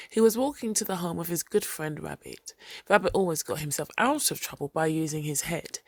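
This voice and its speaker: Woman storyteller, gravelly low voice, dry close sound, rhythmic folktale telling. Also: no echo. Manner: expressive, rhythmic storytelling with repetition.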